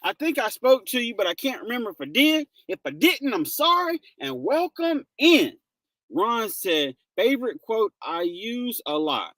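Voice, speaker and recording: A man hosts a casual livestream and calls out viewers in the chat by name. His voice swings up and down in pitch while he talks at an easy, unhurried pace. The sound is dry and close to the mic. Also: no echo. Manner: animated, greets viewers by name, laughs often. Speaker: livestream host.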